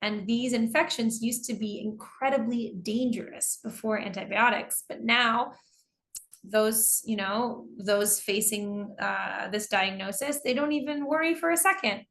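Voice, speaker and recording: A woman's voice: fairly high pitch, unhurried, a bit bright. An American woman teaching an online English class, explaining terms patiently with examples and reading out students' answers.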